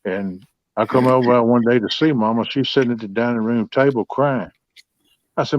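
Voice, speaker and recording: A man's voice: medium pitch, brisk, a little mellow, no room sound. A man, telling heartfelt stories in a folksy, drawling way during a casual chat. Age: 50s. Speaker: host. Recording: dull lo-fi sound, dry.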